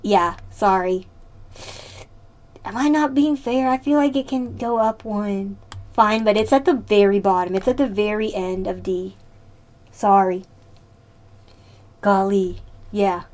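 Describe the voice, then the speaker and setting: A woman's voice: medium pitch, takes it slowly, pauses often, darkish tone. A woman live-streaming in casual chat, playful and talkative, answering her chat and laughing often.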